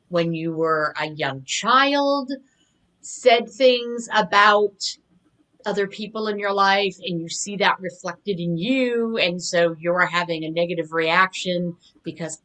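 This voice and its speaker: A middle-aged woman coaching her audience in a relaxed, conversational way. Her voice is bright and clear, sitting at an ordinary pitch. She drifts into personal stories as she explains. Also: rough recording. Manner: conversational, reflective, with personal anecdotes. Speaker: communication coach. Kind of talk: live online coaching talk.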